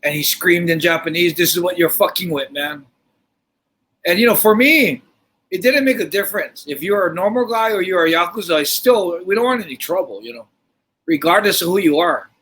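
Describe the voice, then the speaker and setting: A middle-aged man telling a story in casual podcast talk, animated and swearing freely, often restarting his sentences. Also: sits high, a little fast, low-quality recording. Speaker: podcast host.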